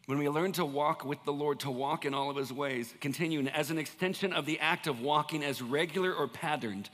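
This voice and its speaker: High, bright-voiced preaching man. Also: fairly quick, big-room sound. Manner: conversational, jokey preaching, swinging between loud bursts and quiet asides. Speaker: pastor. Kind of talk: sermon.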